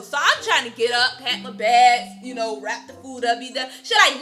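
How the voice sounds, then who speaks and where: A young woman vlogger telling a story to her viewers in an animated, slangy, chatty way. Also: sits high, moderate pace, few pauses, faint music behind. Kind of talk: casual storytime.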